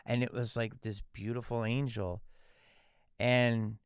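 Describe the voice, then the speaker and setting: A man in his fifties from the Philadelphia area, a guest actor telling lively stories on a podcast and acting out the people he quotes. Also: medium pitch, takes it slowly, smooth, no room sound, clean studio sound. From Philadelphia area, USA. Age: 50s. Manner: animated, acts out quoted dialogue. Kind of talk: casual podcast storytelling.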